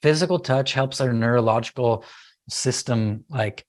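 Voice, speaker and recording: A middle-aged man speaking as a guest in a podcast interview about parenting, telling a story in an animated way and acting out what he and his child said. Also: medium pitch, moderate pace.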